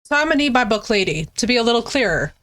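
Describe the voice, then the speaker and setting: A woman streamer telling a story in casual chat, animated and swearing, often laughing, with big jumps in her voice. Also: a little high, rapid-fire.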